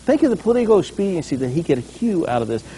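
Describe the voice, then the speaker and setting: A man's voice: on the high side, racing, a little hiss or hum. A man preaching a conversational sermon as a pastor, acting out scenes along the way. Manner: animated, conversational, acts out scenes.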